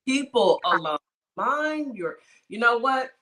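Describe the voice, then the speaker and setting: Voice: medium pitch, sing-song, slow pace, bright, forceful tone. A co-host on a casual talk show, speaking in a forthright, indignant way. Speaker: podcast co-host. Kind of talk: casual chat.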